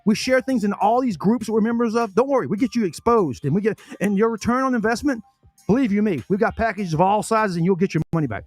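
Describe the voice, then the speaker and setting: A man with a notably high voice hosts a podcast, rattling off sponsor plugs in a folksy, self-correcting patter. He chews food while he talks. Faint music plays under his voice. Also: quick pace, a little mellow, dry recording. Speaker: podcast host reading sponsor spots. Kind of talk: casual sponsor talk on a podcast.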